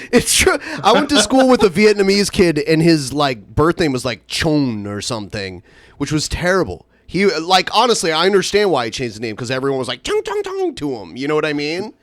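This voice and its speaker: A man co-hosting a casual podcast, talking in a lively, up-and-down way and laughing easily. His voice sits right on a dry mic with no room around it. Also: a little high, brisk, dry recording. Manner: animated, chatty, laughs often. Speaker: podcast co-host.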